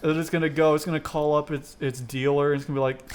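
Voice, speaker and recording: Young man telling dark comic stories. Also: fairly high pitch, fast talker, smooth. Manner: dark deadpan storytelling, laughing often. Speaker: podcast host. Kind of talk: casual comedic podcast chat.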